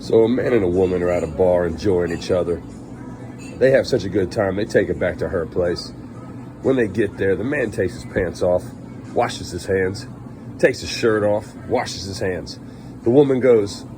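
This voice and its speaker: A man's voice: deep voice, normal speed. Man telling bar jokes, noisy background. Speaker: joke teller.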